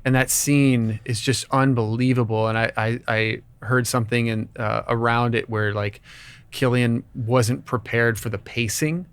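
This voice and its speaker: A man's voice: medium pitch, steady tone, measured pace, smooth, no echo. A man co-hosting a film podcast, chatting enthusiastically and rambling with frequent restarts. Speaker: podcast co-host. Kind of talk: casual chat.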